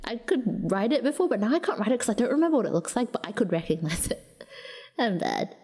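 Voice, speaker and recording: A woman's voice: fairly high pitch, big pitch swings, mellow, husky. Chatty Australian woman, reverberant. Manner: chatty and rambling, with quick restarts and giggles. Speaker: livestreamer. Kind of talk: casual chat with viewers.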